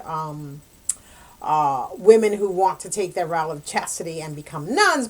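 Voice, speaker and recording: A woman retelling a romance novel's plot in a casual, rambling book review, full of fillers and asides. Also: medium pitch. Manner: rambling, chatty, lots of fillers and "like".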